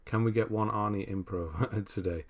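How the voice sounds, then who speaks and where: A deep-voiced English man hosting a gaming livestream. He chats casually, reads out viewer comments, laughs easily and often restarts his sentences. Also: fairly even intonation, normal speed. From England. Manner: chatty, easygoing, laughs often, frequent restarts. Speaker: livestream host.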